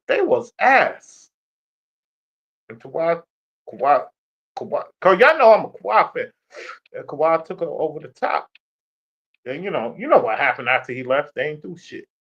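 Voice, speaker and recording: Animated, trash-talking man on lo-fi audio. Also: fairly high pitch, vocal fry, husky. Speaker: sports streamer. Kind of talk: casual sports rant. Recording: dull lo-fi stream audio.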